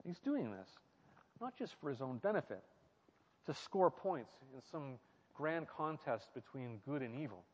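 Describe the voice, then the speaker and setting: Here a man preaches on a Bible passage with a mid-range, sing-song voice at a measured pace. He reflects aloud, asks the audience questions, and repeats important phrases. The recording sounds muffled and echoes with a long hall reverb.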